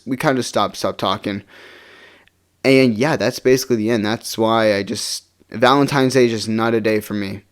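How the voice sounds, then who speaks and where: A man vlogger telling a personal story to a face camera, rambling with many restarts and sinking to a near-mumble in the glum parts. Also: mid-range voice. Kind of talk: casual storytime monologue. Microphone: face-cam setup.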